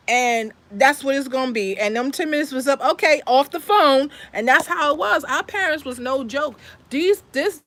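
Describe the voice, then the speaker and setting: A woman's voice: sits high, normal speed, a bit bright. Emphatic middle-aged New woman. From the Bronx, New York. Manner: emphatic, repeats herself, speaks straight to viewers. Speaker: family vlogger. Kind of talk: casual vlog chat.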